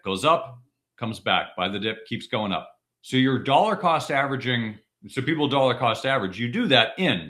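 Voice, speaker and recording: Man, podcast co-host, casual discussion, emphatic, repeats himself, restarts sentences, medium pitch. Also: a bit bright. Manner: emphatic, repeats key points, frequent restarts.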